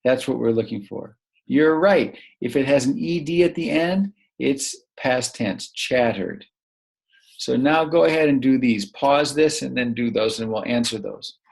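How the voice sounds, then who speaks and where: A man teaching a recorded grammar lesson to young children, patient and prompting them to pause and answer. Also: mid-range voice, vocal fry, husky.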